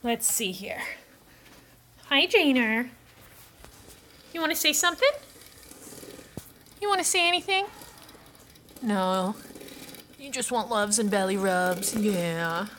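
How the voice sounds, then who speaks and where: A woman hosts a relaxed livestream of her cats, talking to viewers in between. Her voice is bright and sits a little high. She slips into cooing baby talk whenever she speaks to the cats. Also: slow pace, pauses often, slight background noise. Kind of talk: casual livestream chat with cats.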